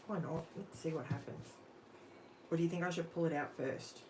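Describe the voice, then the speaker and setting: A middle-aged Australian woman with a slightly low voice chats away to her live-stream viewers as she crafts. She talks straight to the people in the chat in an easygoing, talkative way, and a faint hum of room noise sits behind her. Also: fairly even intonation, normal speed, darkish tone. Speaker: craft channel host. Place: home craft room under overhead lights.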